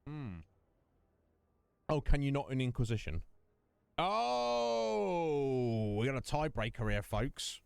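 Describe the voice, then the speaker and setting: A man's voice: medium pitch, very animated, takes it slowly, creaky, pauses often, clear, resonant tone, no room sound. A man hosting a casual game livestream, chatting and joking with viewers in a rambling way. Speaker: streamer and host. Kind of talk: casual livestream chat over gameplay.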